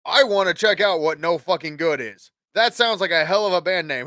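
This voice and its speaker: A man with a high, bright voice talks loosely on his livestream show, swearing freely and jumping between voices for the people in his stories. The sound is dry and close, with no room around it. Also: animated, fairly quick, no room sound. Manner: profane, rambling, acts out dialogue. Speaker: podcast host. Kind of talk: casual livestream chat.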